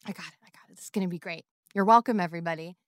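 A woman's voice: fairly low pitch, rapid-fire, no echo, studio quality. A woman narrating her character's antics in a comedic tabletop game, giggly and rambling with fillers. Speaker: player.

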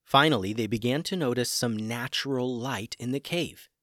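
A man narrating a children's adventure story with lively, dramatic storytelling. His voice sits at an average pitch and is recorded on a close mic with a dry sound and no room echo. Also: moderate pace. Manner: animated, dramatic.

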